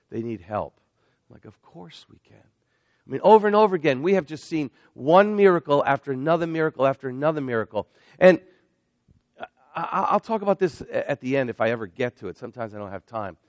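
A middle-aged missionary delivers an energetic sermon, growing excited and building toward shouting. His voice sits at medium pitch, with no echo.

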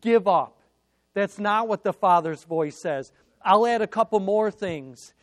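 A man's voice: high-pitched, a little slow, dry recording. A man preaching a sermon, building through emphatic repeated phrases. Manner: preaching with rising emphatic repetition. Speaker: pastor.

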